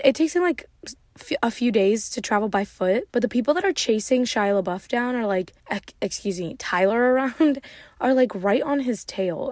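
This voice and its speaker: Chatty vlogger, a woman recapping a film loosely with giggles, mid-pitched, dry close mic. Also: darkish tone, no echo. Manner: rambling, giggly, heavy use of "like". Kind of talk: casual movie recap.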